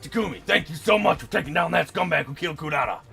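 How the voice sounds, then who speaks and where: A man voicing an overjoyed, loud female wrestling fan in a visual novel. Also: fairly high pitch, expressive, fast, gravelly, music in the background, voice pushed up. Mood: ecstatic. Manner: loud, tearful shouting.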